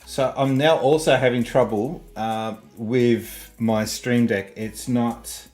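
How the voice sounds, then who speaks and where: A man's voice: mid-range voice, fairly even intonation, slow pace, a little mellow, soft background music. A man, casually chatting and chuckling while fixing his stream setup. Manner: laid-back, chuckling, muttering while fixing tech. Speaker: streamer hosting a game stream.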